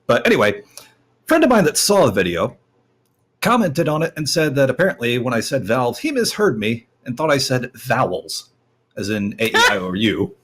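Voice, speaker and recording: A man's voice: medium pitch, very animated, normal speed, a bit bright, a little hiss or hum. A man hosting a casual panel chat, with playful, theatrical emphasis. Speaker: podcast host. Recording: captured through desktop audio.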